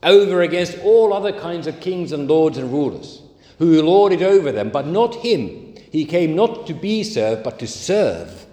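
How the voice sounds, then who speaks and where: A man preaching a sermon, leaning hard and slowly on key words. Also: a little high, lively intonation, mellow. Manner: emphatic, slow stresses on key words. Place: church. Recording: echoey church hall.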